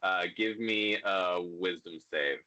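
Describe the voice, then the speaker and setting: A man's voice: low voice, slow, bright, forceful tone. A young man narrating as game master of a tabletop game, loose and full of fillers. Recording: dull lo-fi home recording.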